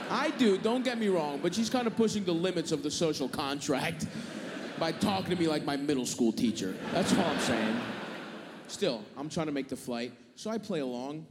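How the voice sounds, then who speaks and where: A man's voice: a little high, expressive, normal speed. A male stand-up comedian telling a profane, exasperated story and acting out both sides of arguments on stage. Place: theater stage before a live audience. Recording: live stage recording with long hall reverb and audience noise.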